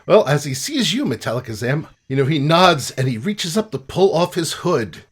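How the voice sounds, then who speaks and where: A man's voice: a little high, sing-song, moderate pace, slightly rough. A man narrating a tabletop game as game master, playful and descriptive, over a remote call microphone. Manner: playful, descriptive, laughs easily.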